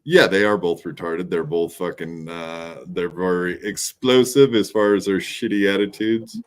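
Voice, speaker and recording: A man's voice: sits low, unhurried. A man hosting a podcast, chatting bluntly and profanely in casual commentary. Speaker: podcast host.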